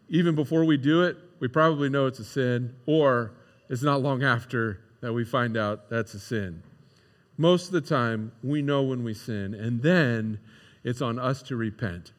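A male pastor delivering a casual, animated sermon and acting out the voices in a parable. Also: mid-range voice. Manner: conversational, animated, acts out quoted voices. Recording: long hall reverb.

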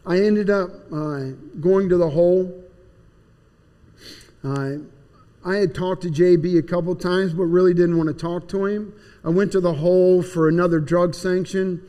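A man's voice: sits high, fairly even intonation, normal speed, warm tone. A man plainly and earnestly telling his personal testimony. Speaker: speaker giving personal testimony. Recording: long hall reverb.

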